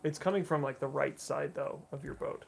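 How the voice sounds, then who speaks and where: A man running a tabletop game as dungeon master, describing scenes with many pauses and fillers. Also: on the high side, fairly even intonation, vocal fry, a little hiss or hum. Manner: halting, filler-heavy descriptive narration. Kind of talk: narrating a tabletop game livestream.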